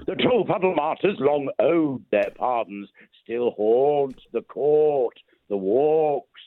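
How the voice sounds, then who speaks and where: A man performs as a town crier, declaiming rhyming verse in a slow, ceremonial cadence with rising and falling pitch. His voice sits low and sounds thin and tinny, like a phone line, with no room around it. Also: expressive, no echo. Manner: slow, drawn-out ceremonial delivery.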